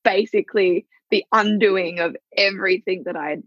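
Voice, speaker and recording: A woman's voice: medium pitch, steady tone, normal speed, breathy edge, no echo, muffled recording. A woman guest, a showgirl dancer, speaking candidly and reflectively about life on tour. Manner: candid, reflective, laughs often. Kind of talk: casual interview chat.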